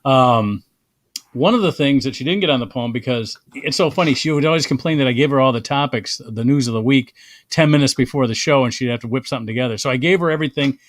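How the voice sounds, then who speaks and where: A man hosting a casual comedy talk show, talking in halting bursts with frequent restarts. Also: mid-range voice, dry recording. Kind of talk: casual chat.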